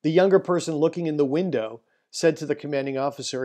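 A rabbi giving a solemn history talk in a slightly raised voice. He tells a family story with care and slows down on the hardest details. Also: a little high, warm tone. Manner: solemn storytelling, slowing for emphasis. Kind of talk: Holocaust history presentation.

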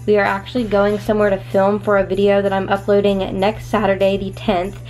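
A young woman vlogs from her bedroom at home, talking briskly in a mid-range voice over soft background music. Her casual chat is gushing and excitable, packed with "like."

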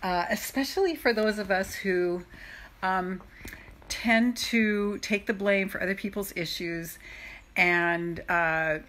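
Woman life coach on a webcam live stream, bright, breathless enthusiasm, laughs often. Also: medium pitch, takes it slowly. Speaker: emotional freedom coach. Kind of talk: excited live-stream monologue.

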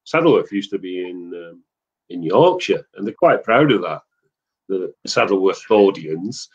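A man's voice: low voice, lively intonation, unhurried, slightly rough, muffled recording. A middle-aged man from Manchester, a soap actor guest, chatting casually and rambling through anecdotes with a chuckle. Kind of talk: casual chat on a web show.

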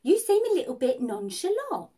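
A woman's voice: high-pitched, very animated, moderate pace, dark tone. A woman voicing a ditzy, cheerful young woman, telling a comic story in a giggly, bubbly way. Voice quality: giggly, wide-eyed and bubbly. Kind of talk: comic character monologue.

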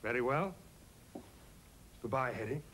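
A breezy English cad. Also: male voice, medium pitch, animated, unhurried, a bit bright, a little hiss or hum. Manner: breezy, polite, unbothered. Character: smooth, caddish married Englishman. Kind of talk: 1990s sitcom acting.

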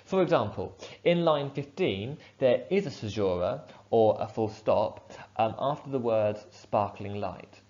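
A male teacher giving a measured, clear explanation of a poem, with the odd filler. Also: medium pitch, animated, a little mellow. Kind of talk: poetry analysis lesson. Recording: dull lo-fi sound.

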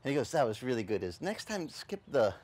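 Male pastor, lively storytelling sermon voice, swings wide in pitch, middle register. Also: brisk, slightly rough. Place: beach service outdoors.

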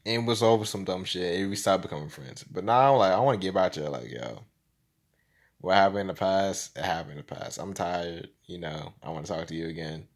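A young man with a fairly low voice rambles to his camera in a loose, slangy vlog, laughing often. He jumps from loud, excited bursts to low mumbles and back. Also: a little fast. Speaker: vlogger. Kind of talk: casual vlog monologue.

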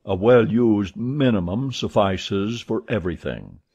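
An unflappable, precise English gentleman, as a male reader puts him on, speaking in a lowish husky voice with steady composure. The recording sounds dull and lo-fi. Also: full character voice. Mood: calm. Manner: calm, measured, unflappable.

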